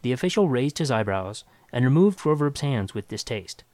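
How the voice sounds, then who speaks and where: A man reading a science fiction story aloud with dramatic, expressive narration. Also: mid-range voice, moderate pace, no echo.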